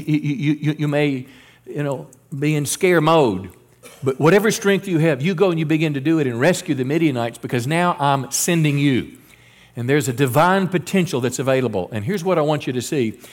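A middle-aged male pastor preaching a sermon in an earnest style, quoting scripture and often restarting his words. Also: fairly high pitch.

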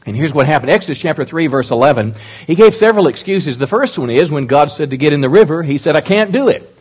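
A middle-aged man preaches as pastor, his husky voice swinging widely up and down. He keeps turning to the congregation with questions as he tells his story. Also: a little high, lively intonation, quick pace, darkish tone. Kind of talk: sermon.

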